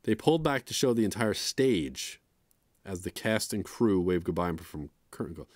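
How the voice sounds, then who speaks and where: A man's voice: low-pitched, lively intonation, moderate pace, no echo, clean studio sound. A man co-hosting a casual chat show, laid-back, often reading notes aloud. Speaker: podcast co-host.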